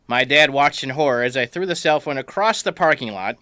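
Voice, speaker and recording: A man reading a comic personal story aloud in a wry, deadpan way. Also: mid-range voice, moderate pace, no room sound.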